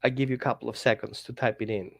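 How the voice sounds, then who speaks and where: A man dog trainer giving an animated teaching talk straight to the viewer, in slightly non-native English, acting out little quotes as he goes. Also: medium pitch, fast talker, vocal fry. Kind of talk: direct-to-camera teaching talk.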